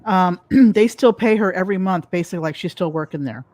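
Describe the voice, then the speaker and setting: A woman guest in a casual group chat, chatty and quick to chime in. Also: lowish voice, darkish tone, dry recording. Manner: chatty, quick backchannel replies. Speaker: stream guest.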